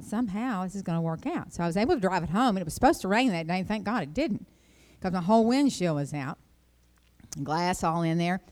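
A middle-aged woman giving an informal devotional talk, telling rambling personal stories and jumping high in pitch when she quotes herself. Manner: chatty, rambling storyteller, jumps up high when quoting herself. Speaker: Christian speaker.

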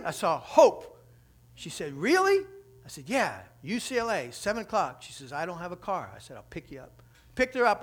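A man preaching a sermon, telling stories with animated, acted-out quotes. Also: high-pitched. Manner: animated storytelling, acting out quotes. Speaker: pastor.

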